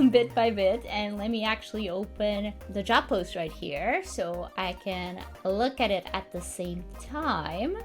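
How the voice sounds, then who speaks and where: A woman coaching freelancers, chatting candidly through a review of a job proposal and laughing lightly now and then. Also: mid-range voice.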